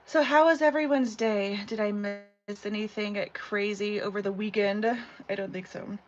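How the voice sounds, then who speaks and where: A woman's voice: mid-range voice, steady tone, measured pace, faint music behind. A woman hosting a casual live craft tutorial from home, chatting and rambling with lots of "you know" and "like". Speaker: craft channel host. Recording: slightly dull audio with faint background hum.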